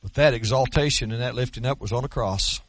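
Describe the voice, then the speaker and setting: A man preaching a sermon as pastor, emphatic and folksy, slowing down to stress scripture. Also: medium pitch, no echo. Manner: folksy, with colloquial asides and repeated words.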